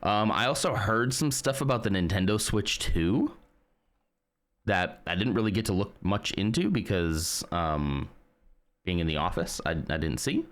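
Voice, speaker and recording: Man, very deep voice, live streamer, rambling casual chat, answers viewers. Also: sing-song, a little slow.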